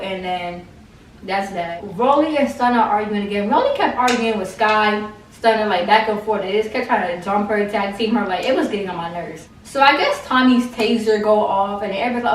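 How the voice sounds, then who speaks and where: A woman's voice: medium pitch, normal speed. A woman giving a casual, slangy recap of a reality show, full of "like" and mocking asides. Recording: echoey room, distant mic, faint noise.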